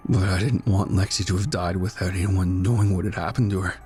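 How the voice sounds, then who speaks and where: A man narrating a first-person horror story in a measured, tense, brooding way. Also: deep voice, steady tone, darkish tone, soft background music. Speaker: guest narrator.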